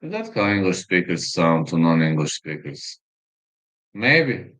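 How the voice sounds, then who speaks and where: A man hosting a casual live stream, reading viewer comments and answering them bluntly, with frequent profanity and filler pauses. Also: low voice, very animated, fairly bright tone. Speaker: livestream host.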